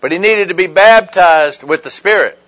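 A man's voice: high voice, normal speed, a bit bright, rough recording. A man preaching a sermon in a conversational, emphatic way, often checking in with his listeners. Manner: conversational preaching with frequent "right?" and "okay" check-ins.

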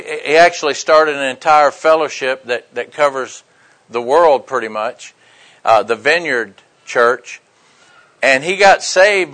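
A high-pitched male pastor delivers a sermon. He tells stories with animated energy and acts out each character's lines. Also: low-quality recording. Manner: animated storyteller acting out dialogue. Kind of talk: sermon storytelling.

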